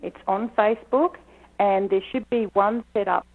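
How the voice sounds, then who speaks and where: A woman's voice: mid-range voice, fairly even intonation, normal speed. A woman from Australia with an Australian accent, calling in to a radio show and talking in a friendly, hesitant way with many ums. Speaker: caller. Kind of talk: phone-in conversation. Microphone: telephone. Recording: tinny phone line.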